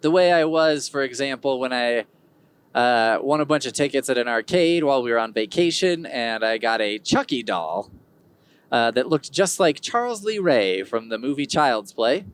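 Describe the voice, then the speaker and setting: A man's voice: medium pitch, animated, normal speed, clean tone. A man hosting his own podcast, talking in a rambling, digressive way with wry humor. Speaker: podcast host. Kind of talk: casual solo podcast monologue.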